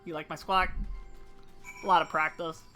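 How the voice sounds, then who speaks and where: A woman streamer making chatty, casual commentary while playing, swearing freely and tossing off quick asides. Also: low voice, flat delivery, pushed and bright, soft background music.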